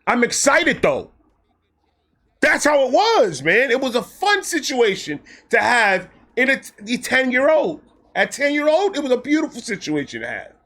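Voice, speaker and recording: A man telling a personal story in a casual vlog, excitable, animated and full of profanity. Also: extremely high pitch, normal speed. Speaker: storyteller host.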